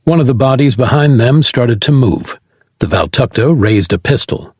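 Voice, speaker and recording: A man's voice: medium pitch, normal speed, a little mellow, husky, no room sound. A man narrating a science fiction audiobook and voicing every character himself.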